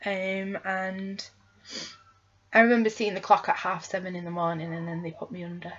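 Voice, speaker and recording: A woman's voice: on the low side, level tone, normal speed, fairly bright tone. Chatty woman on dull lo-fi audio. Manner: chatty, rambling, lots of ums and tag questions. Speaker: vlogger. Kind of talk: casual chat.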